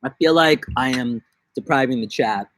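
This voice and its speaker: At a normal speed and with a slightly bright voice, a young New York man chats through a casual live stream from his backyard. He wanders from topic to topic, joking and popping into silly high-pitched voices.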